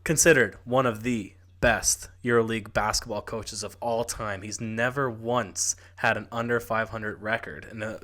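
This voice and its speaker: A man's voice: fairly low pitch, fairly bright tone. A man co-hosting a casual sports podcast, joking around and laughing often with his co-host. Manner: playful, laughs often, quick asides.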